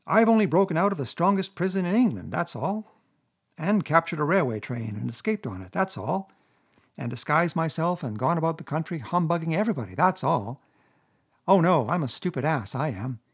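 A man voicing a conceited, excitable male toad who brags in a high, puffed-up voice. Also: brisk, slightly rough. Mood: boastful. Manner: boastful, shrill and puffed up.

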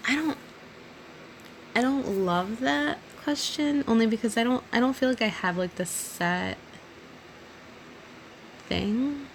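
A woman in her thirties who is openly drunk reads listener questions aloud and answers them at an unhurried, drawn-out pace. She giggles and rambles, and her voice often falls to a soft, almost whispered hush. A faint background hiss runs under the recording. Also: on the high side. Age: 30s. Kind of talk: casual solo Q&A monologue.

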